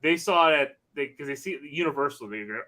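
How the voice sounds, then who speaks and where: A man co-hosting a casual podcast, telling animated, profane stories about his kids. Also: on the high side, racing. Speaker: podcast co-host. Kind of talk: casual chat.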